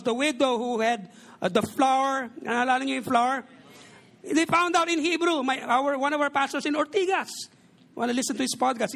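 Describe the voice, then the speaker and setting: A man's voice: extremely high pitch, vocal fry, a bit bright. A man in his forties with a Filipino accent, preaching a sermon as a pastor and joking as he mixes Tagalog and English.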